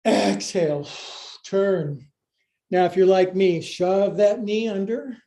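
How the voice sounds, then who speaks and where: A man teaching a live yoga class, his voice sitting high but mellow and unhurried. He cues each pose with goofy asides and runs a bit short of breath as he moves along with his students. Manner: playful, jokey cueing of poses.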